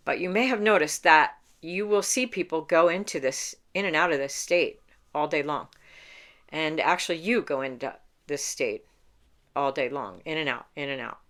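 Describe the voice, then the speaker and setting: A woman meditation coach giving a calm, unhurried spoken lesson, explaining each step plainly and laughing lightly now and then. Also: low-pitched. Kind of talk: instructional talk to camera.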